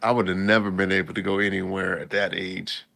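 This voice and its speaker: Recapping an anime episode on his podcast, this man rambles, chuckles and keeps restarting in casual chat. His deep voice comes out flat and brisk, creaky, pushed and bright.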